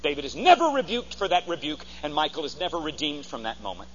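High, animated preaching man. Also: fast talker. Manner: animated, theatrical, leads the congregation in call-and-repeat. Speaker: pastor. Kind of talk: sermon. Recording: dull sound with long hall reverb, faint hum.

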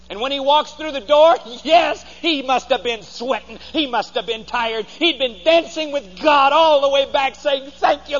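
A man with a very high voice preaches a theatrical, animated sermon as a pastor, leading the congregation to repeat lines after him. The recording is dull, with long hall reverb.

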